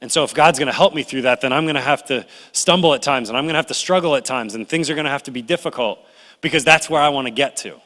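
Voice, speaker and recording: A middle-aged man preaching a sermon, animated and conversational, acting out complaining voices as he tells the story. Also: medium pitch, fast talker. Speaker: pastor. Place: church sanctuary. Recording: reverberant church hall.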